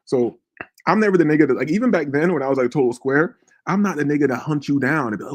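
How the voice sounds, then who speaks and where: Talking fast with an animated, fairly high voice, a male podcast host rambles through a crude, profane story. He keeps checking in with the listener, asking "you feel me" again and again.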